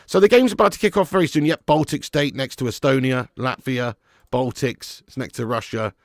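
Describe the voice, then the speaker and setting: A man's voice: mid-range voice, fairly quick, dry recording, clean studio sound. A man hosting a live football watch-along, chatting with viewers by name and commentating with sarcasm.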